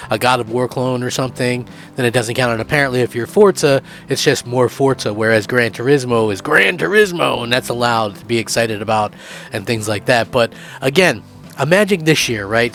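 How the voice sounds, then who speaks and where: An eager man talks through his gaming opinions in a rambling way, full of fillers and loose restarts. His voice sits at a middle pitch. A faint music track plays quietly underneath him. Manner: excited, rambling, many fillers. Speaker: gaming channel host. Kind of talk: opinion commentary.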